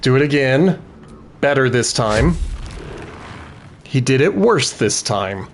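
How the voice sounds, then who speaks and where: A man with a mid-pitched voice talks at an easy, slow pace while playing a game. He thinks through each tactical choice aloud and cheers on his party members between turns. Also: big pitch swings, slight background noise. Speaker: gaming video host. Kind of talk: let's-play commentary.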